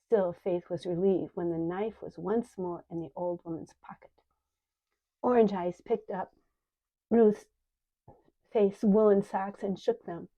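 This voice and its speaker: Older lady reading her own novel aloud, mellow lowish voice, calm, kinda muffled recording. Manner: calm, even storytelling. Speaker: author and narrator. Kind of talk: audiobook narration. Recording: dull lo-fi recording.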